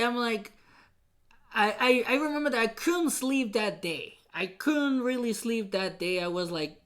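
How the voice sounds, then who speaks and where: A woman hosting a podcast who tells a painful personal story, halting and repeating herself, with many fillers. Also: mid-range voice, fairly bright tone. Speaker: podcast host.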